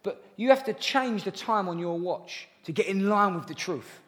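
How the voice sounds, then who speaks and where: A young man preaches in a high, bright voice, earnest but chatty, tossing jokey asides to the congregation. His words ring out with a long reverb from a large church hall. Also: animated, moderate pace. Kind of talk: sermon.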